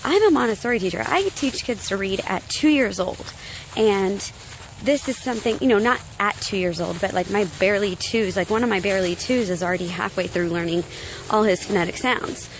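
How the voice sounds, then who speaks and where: A young American woman vlogs on a walk outside, ranting in a loose, filler-laden way. Her voice sits at an ordinary pitch, with a faint hum of outdoor noise behind her. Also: fairly quick, low-quality recording. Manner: ranty, filler-heavy, talks to her dog. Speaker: vlogger. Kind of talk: casual ranting vlog. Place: outdoors on a hike.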